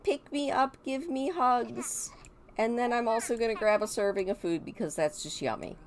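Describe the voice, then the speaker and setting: A woman voicing a needy little toddler girl who begs for love and hugs in a slow, pleading way. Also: on the high side, slight background noise, voice pushed up, lightly acted.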